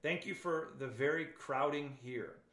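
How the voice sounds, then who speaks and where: A man reading aloud the lines of a serene, faithful young woman prisoner, calm and matter-of-fact, in an echoey room. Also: on the high side, a little slow.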